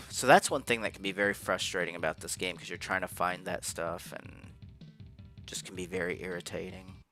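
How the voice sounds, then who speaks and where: A man's voice: low voice, fairly even intonation, moderate pace, bright, forceful tone. A man giving casual, rambling commentary over his own gameplay footage, frustrated and swearing often. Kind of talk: casual post-game commentary. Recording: faint game music behind.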